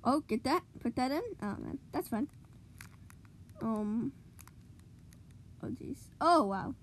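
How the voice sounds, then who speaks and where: A woman giving excitable live commentary on her own gameplay, cheering goals and groaning at misplays. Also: on the high side, slow, a little hiss or hum. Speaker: gamer streamer.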